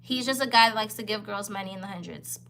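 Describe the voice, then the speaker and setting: A woman's voice: mid-range voice, fast, pushed and bright. A woman in her twenties telling a story in a casual vlog. She talks candidly and straight to her viewers, and she often repeats her phrases. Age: 20s. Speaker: vlogger.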